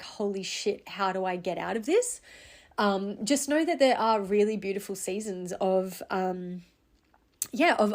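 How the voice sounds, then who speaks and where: A woman's voice: medium pitch, darkish tone. A young woman hosting a podcast, talking earnestly and candidly in a reflective personal monologue, with casual fillers and the odd swear. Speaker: podcast host.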